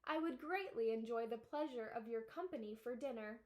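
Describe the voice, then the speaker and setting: A young farm boy from a storybook, proper in manner but giggly and teasing, voiced by a woman reading aloud. His voice sits high. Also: moderate pace, close to an everyday voice. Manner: prim, giggly.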